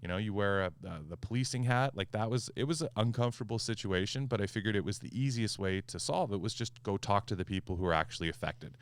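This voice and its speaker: A man hosting a podcast, a property manager telling a story in a casual, animated way and acting out the quoted back-and-forth. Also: on the low side, fast talker, few pauses, smooth, no room sound. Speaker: HOA manager and podcast host.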